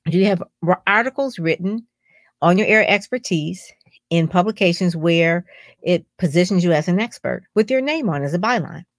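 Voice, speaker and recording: A woman's voice: on the low side, lively intonation, moderate pace, no room sound, studio quality. Emphatic woman coaching on publicity. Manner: emphatic, coaching, full of rhetorical questions. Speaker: publicity strategist. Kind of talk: podcast advice talk.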